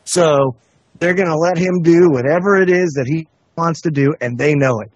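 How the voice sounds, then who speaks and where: A man co-hosting a casual online radio talk show, talking in halting bursts with many restarts. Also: on the high side, husky, no room sound, dull audio. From United States. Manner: halting, many restarts, reads letters aloud. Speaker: co-host.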